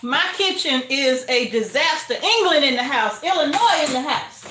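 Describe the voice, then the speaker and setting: A woman's voice: sits high, lively intonation, moderate pace, echoey room, background noise. An older woman hosting a casual livestream from her home kitchen, chatting and greeting viewers with frequent laughter. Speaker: homestead livestream host.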